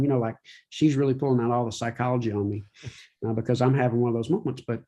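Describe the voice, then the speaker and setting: A middle-aged man talks candidly in an interview, with a warm, mellow tone. He rambles a little and keeps checking in with "you know what I mean". His pitch sits in an ordinary middle range. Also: fairly even intonation, fast. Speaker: podcast guest.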